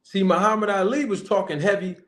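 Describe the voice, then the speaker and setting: A man's voice: high-pitched, fairly quick. A man commenting to camera as a boxing manager, giving a young fighter emphatic, repetitive advice and addressing him directly. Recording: echoey room.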